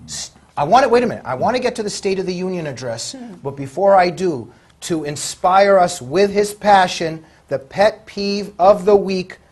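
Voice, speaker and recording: A man's voice: high voice, animated, moderate pace, darkish tone, breathy edge. A man hosting a talk show, jovial and laughing at times. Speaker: host.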